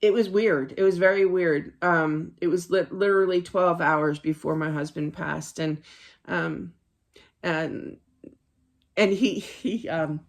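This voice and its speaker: A woman's voice: lowish voice, fairly even intonation, takes it slowly. A woman psychic card reader giving a casual spiritual reading to camera from her home office desk, rambling and chatty, with lots of fillers and restarts.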